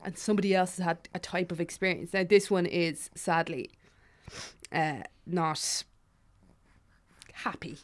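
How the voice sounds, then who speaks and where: A woman hosting a chatty podcast, reacting quickly and swearing freely as she tells a story. Her delivery is animated and casual. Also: on the low side. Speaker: podcast host.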